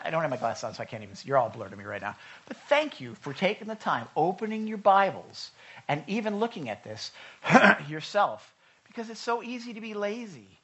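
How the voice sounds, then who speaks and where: A male pastor preaching a sermon with a bright, forward tone. He talks to the room conversationally, pushing his listeners loudly and then dropping to a hushed voice for scripture. His voice sits a little high for a man. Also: slightly rough, lo-fi sound. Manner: conversational, swings from loud urging to hushed reading.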